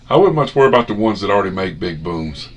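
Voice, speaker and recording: A man's voice: deep voice, big pitch swings, fast talker. A man with a Southern American accent chatting casually on a trading livestream, in a laid-back, folksy way. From Southern United States. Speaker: co-host trader.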